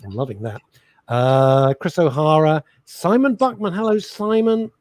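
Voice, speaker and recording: A man's voice: a little high, unhurried, a little mellow, dry recording. A man co-hosting a casual radio chat show, joking while reading listener messages.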